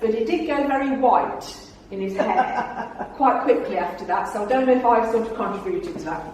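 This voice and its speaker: A woman's voice: a little high, normal speed, darkish tone, slight background noise. Woman, middle-aged, chatty theatrical storyteller, humorous club talk, very echoey room, distant mic. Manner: chatty, theatrical storyteller who laughs often. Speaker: guest speaker, former tour guide.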